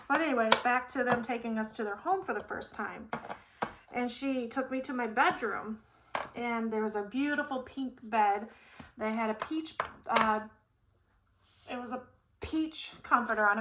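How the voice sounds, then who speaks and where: While putting furniture together, a middle-aged vlogger shares a personal story in a casual, meandering way, full of fillers and false starts but warm-hearted throughout. She speaks on the higher side over a slight hiss or hum in poor-quality audio.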